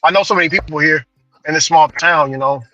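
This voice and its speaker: A man's voice: on the high side, fast talker, pushed and bright, no echo, dull audio, soft background music. A man chatting casually, telling rambling stories full of fillers and restarts. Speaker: delivery driver and show regular. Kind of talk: casual chat. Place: small island town.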